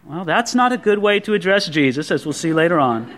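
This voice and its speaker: A pastor preaching a sermon in a conversational way, acting out the quoted speech of others. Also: male voice, on the high side, expressive, brisk, a bit bright.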